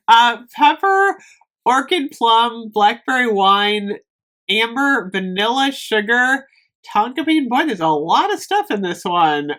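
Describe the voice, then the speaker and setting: A woman's voice: fairly high pitch, big pitch swings, a little slow, a bit bright. A woman chatting casually in a product review vlog, rambling with frequent ums as she talks to the camera. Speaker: candle review vlogger.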